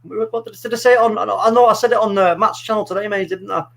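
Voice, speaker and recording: High-voiced, animated middle-aged man. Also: very fast, gravelly. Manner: animated, swearing storyteller. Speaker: podcast co-host. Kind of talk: casual fan chat.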